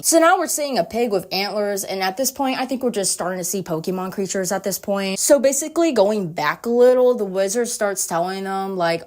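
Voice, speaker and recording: A woman's voice: medium pitch, darkish tone. A woman hosting a casual anime recap who talks in slang, swears and jokes. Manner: slangy, swearing, rapid, joking. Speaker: reaction video host.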